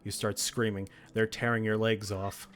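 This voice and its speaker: Low-voiced man narrating a horror game. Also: level tone, moderate pace, a bit bright. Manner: dramatic narration broken by laughs and reactions. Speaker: game streamer. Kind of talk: reading a text horror game aloud with commentary.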